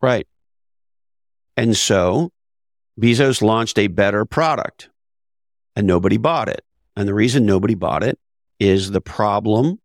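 The voice is a man's, fairly low in pitch, in a dry, studio-quality recording. He's an author and business advisor appearing as a podcast guest, and in this conversational interview he's blunt and emphatic, asking rhetorical questions and swearing casually.

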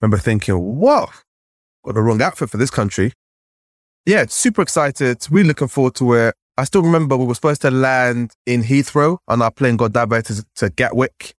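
A man from Nigeria, a podcast guest, recounting his childhood in a lively storytelling way, often saying "like" and acting out the voices he remembers. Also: medium pitch, brisk, no echo, studio quality. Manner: animated, acts out remembered voices, frequent "like". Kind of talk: storytelling in conversation.

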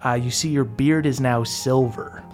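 A man's voice: medium pitch, fairly even intonation, moderate pace, darkish tone, faint music behind. A man running a tabletop game as game master, narrating casually with frequent fillers and swearing.

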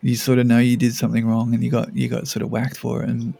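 Male podcast co-host, gravelly low-toned voice, loose rambling delivery. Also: monotone, fast, mellow. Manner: rambling, many restarts and "like"s. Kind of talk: casual parenting podcast chat.

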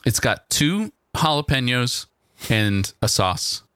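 A man co-hosting a podcast in casual banter, delivering absurd jokes in a deadpan way. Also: medium pitch, slow, smooth, no room sound, clean studio sound. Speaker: podcast co-host.

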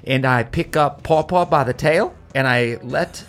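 A man's voice: a little high, takes it slowly. A man playing a tabletop game, joking crudely and talking casually. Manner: playful, crude, lively. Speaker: player.

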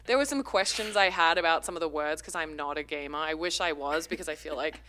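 A woman's voice: sits low, fast, bright, forceful tone, a little hiss or hum. A woman hosting a casual chat, playful and teasing, laughing often. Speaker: podcast host.

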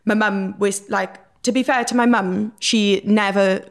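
A woman's voice: medium pitch, fairly even intonation, unhurried, vocal fry. A young woman with a Welsh accent, a guest telling stories from her past in a frank, rambling way, full of fillers. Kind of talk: casual candid storytelling.

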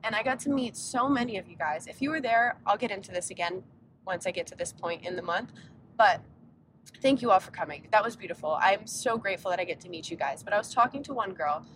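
A woman's voice: animated, fast talker, a bit bright. A young woman hosting a casual solo podcast while driving, rambling and interrupting herself, sounding a little sick and tired. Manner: rambling, chatty, self-interrupting. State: sick, yawning. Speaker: podcast host. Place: inside a car on a road trip. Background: faint road rumble.

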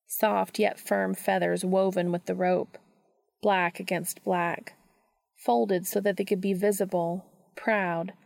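A woman calmly reading fan fiction aloud in an unhurried narrating voice. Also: mid-range voice, creaky, dry recording, clean studio sound. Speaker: reader.

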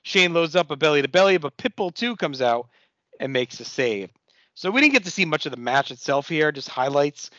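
A man's voice: on the high side, animated, a little fast, a bit bright, no room sound, lo-fi sound. A man co-hosting a podcast, casually recapping wrestling shows and swearing freely. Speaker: podcast co-host.

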